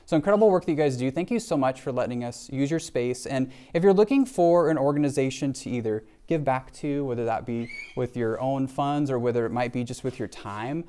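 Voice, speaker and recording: A man's voice: medium pitch, a little fast, hardly any pauses, mellow, clear, resonant tone. A middle-aged man giving a heartfelt live leadership talk to an audience at an event venue, often adding "right?" asides. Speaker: leadership speaker.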